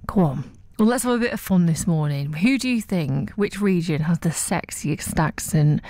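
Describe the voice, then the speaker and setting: A woman with a Mancunian accent hosts a morning radio show in a slightly low voice. She is breezy and conversational, with frequent ums and uhs. The sound is dry and close, straight into a studio mic. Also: darkish tone, no room sound. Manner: upbeat and chatty with frequent fillers. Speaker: breakfast radio presenter. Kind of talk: chatty live radio presenting. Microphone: studio microphone.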